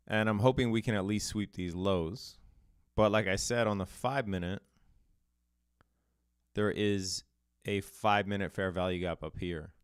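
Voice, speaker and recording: A man's voice: lowish voice, clear, resonant tone, dry recording, studio quality. A man streaming live day trades, casually explaining his setups and bantering with chat. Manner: chatty, reads chat aloud, laughs it off.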